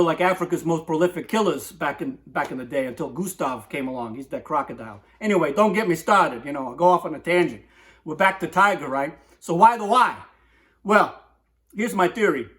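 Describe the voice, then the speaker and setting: A man's voice: on the high side, lively intonation, a little fast, fairly bright tone. A man hosting a comic poetry talk in a rambling, digressive monologue, constantly asking "right?".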